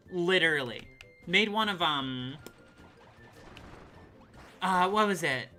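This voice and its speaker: Chatty woman streamer, super bright sharp voice, gets hyped, faint music behind. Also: on the low side. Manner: excitable, chatty, reacts to chat, swears casually. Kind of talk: casual live-stream chat while gaming.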